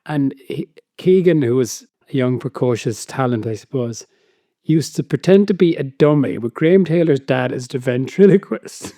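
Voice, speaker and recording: Mellow-voiced curious male co-host. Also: mid-range voice, lively intonation, moderate pace, dry recording, studio quality. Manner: curious, laughs often, retells stories. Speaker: podcast co-host. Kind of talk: casual chat.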